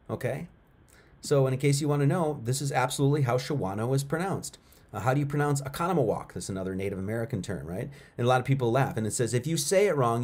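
A middle-aged man with a medium-pitched, slightly mellow voice hosts a casual livestream. Emphatic and repetitive, he speaks straight to his chat, restating points to make them land.

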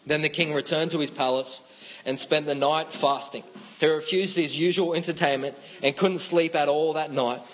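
A man's voice: a little high, fairly even intonation, normal speed, low-quality recording. A man with an Australian accent giving a casual, chatty sermon, with frequent restarts. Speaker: pastor.

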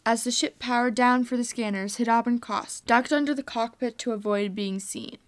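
A woman's voice: on the high side, steady tone, normal speed. A woman earnestly reading a homemade space adventure story aloud.

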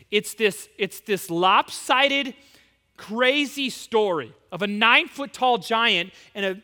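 Male preacher, animated storytelling sermon, bright tone, long hall reverb. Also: sits high. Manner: animated storytelling, casual slang.

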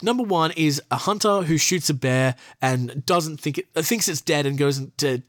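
A man's voice: a little high, normal speed, no room sound, clean studio sound. A young man hosting a podcast, reading from a list and breaking off into profane, sarcastic asides. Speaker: podcast host. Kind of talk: casual commentary reading from a list.

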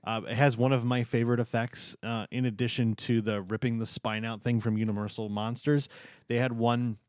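A man's voice: mid-range voice, level tone, a little fast, darkish tone, dry recording, clean studio sound. A man co-hosting a podcast in casual chat, talking with frequent ums and uhs. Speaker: podcast co-host.

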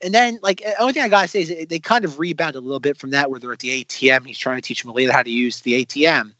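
A man co-hosting a podcast, casually critiquing comedy sketches in an animated way, often mimicking other voices. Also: medium pitch, very fast, dry recording, dull audio. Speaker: podcast co-host. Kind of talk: casual chat reviewing sketches.

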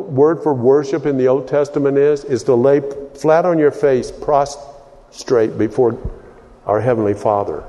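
A man's voice: fairly high pitch, darkish tone, in a large hall, lo-fi sound. A man from Texas preaching a sermon in a rambling way, often restarting his sentences and wandering into asides.

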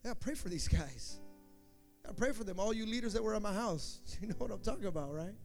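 Animated high-voiced man preaching. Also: a little fast, gravelly, faint music behind. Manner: animated storytelling, acting out shouts and quotes. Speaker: pastor. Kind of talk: sermon.

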